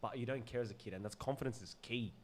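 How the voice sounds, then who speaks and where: Animated man telling stories, slangy. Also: medium pitch, fast. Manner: animated, loose with slang and swearing, laughs often. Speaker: podcast guest. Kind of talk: casual storytelling in an interview.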